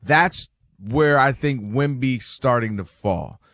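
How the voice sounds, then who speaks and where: A man hosting a sports talk show, arguing his point in casual debate and acting out quoted fans and players in a higher voice. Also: expressive, slow pace, fairly bright tone, no echo, clean studio sound.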